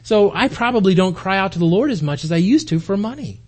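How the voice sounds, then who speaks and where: Husky high-voiced man preaching casually. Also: expressive, fast talker, a little mellow. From United States. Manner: folksy, asks the congregation rhetorical questions. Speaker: pastor. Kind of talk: conversational sermon.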